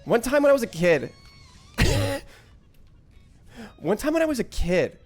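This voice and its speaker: A man's voice: extremely high pitch, sing-song, unhurried, soft background music. A man streaming live, telling a rambling story to his chat, swearing freely and often breaking into laughter.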